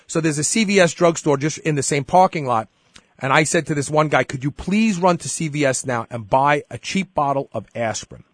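A middle-aged show host tells a story in casual chat, animatedly acting out the dialogue. His voice is a little high and brisk, recorded at studio quality with no echo.

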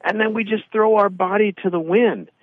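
Man in his fifties, animated storyteller, slightly high voice, dry close sound, dull muffled radio tone. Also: normal speed, no echo. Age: 50s. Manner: animated storyteller, acts out both sides of anecdotes. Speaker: radio show co-host. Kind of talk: casual radio talk.

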